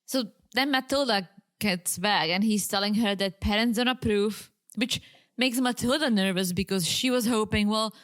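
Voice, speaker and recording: A woman's voice: mid-range voice, moderate pace, fairly bright tone. A woman co-hosting a podcast, casually summing up what happens in a reality show episode. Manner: conversational, plot-summarizing. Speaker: podcast co-host. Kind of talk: casual recap chat.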